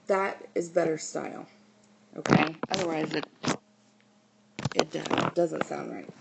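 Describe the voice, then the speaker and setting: A woman teacher explaining writing style in a recorded lesson, often pausing on "okay" and "um". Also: lowish voice, creaky, a little mellow, slight background noise, poor audio.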